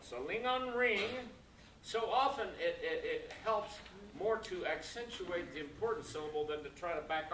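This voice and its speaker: A man's voice: on the high side, slight background noise. A man leading a choir rehearsal, explaining diction and stresses, counting in and singing lines to demonstrate. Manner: animated, counts in and sings phrases to demonstrate. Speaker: choir director. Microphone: camera at a distance. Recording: echoey room, voice from far off, piano. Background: piano and choir singing.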